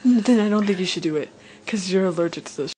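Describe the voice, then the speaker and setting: A woman's voice: mid-range voice, quick pace, mellow. A teenage girl chatting with friends, bossy and teasing. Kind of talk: casual chat among friends. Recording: noisy home video.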